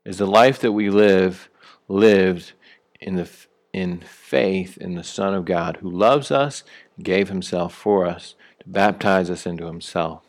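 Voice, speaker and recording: With a fairly low voice and an unhurried delivery, a pastor preaches as if chatting with his congregation, full of ums, uhs and restarted phrases. He rises sharply when acting out calling someone back.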